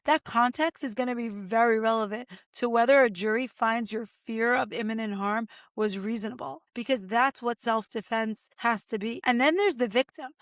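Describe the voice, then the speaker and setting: A woman lawyer hosting a podcast, giving chatty, expressive legal commentary and talking straight to her listeners. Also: a little high, normal speed, hardly any pauses, no room sound, clean studio sound.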